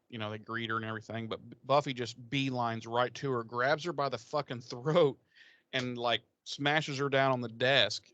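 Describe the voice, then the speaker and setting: A man co-hosting a podcast, retelling an episode in casual, profane, animated chat. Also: medium pitch, clean tone, no room sound, lo-fi sound. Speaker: podcast co-host.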